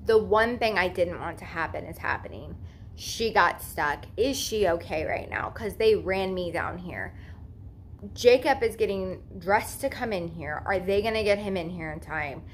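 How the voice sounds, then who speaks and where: A woman's voice: lowish voice, moderate pace, a little hiss or hum. A young woman in her twenties telling a personal story in a casual vlog, emotional and swearing freely as she relives her fear. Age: 20s. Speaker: vlogger.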